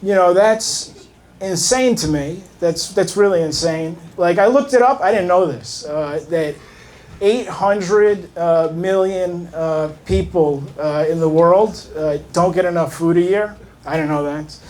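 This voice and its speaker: A man doing a stand-up set in a comedy club, halting and awkward with many fillers and restarts. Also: high-pitched, darkish tone.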